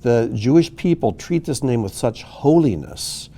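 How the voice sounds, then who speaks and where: A man's voice: mid-range voice, expressive, a little slow, warm tone. A man teaching a recorded Hebrew reading lesson, explaining patiently with fillers and small self-corrections.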